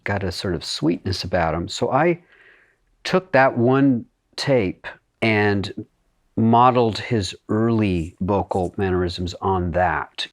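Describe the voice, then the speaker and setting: A man with a fairly low voice, chatting as a guest in a podcast interview. He talks in an animated way and breaks into laughs often. The sound is dry and close, with no room echo. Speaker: actor, guest.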